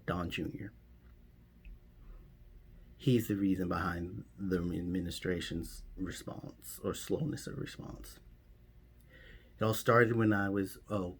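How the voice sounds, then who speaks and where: A man delivering a mock-serious comedy monologue as a rambling, deadpan story. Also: sits low. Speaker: comedian doing a parody monologue.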